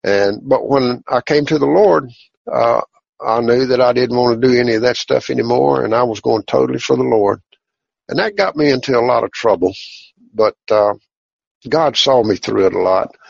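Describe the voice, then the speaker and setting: A man tells his religious testimony in a folksy, plainspoken, halting way, on a dull lo-fi recording. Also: mid-range voice, gravelly, a little mellow, dry recording. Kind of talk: personal testimony storytelling.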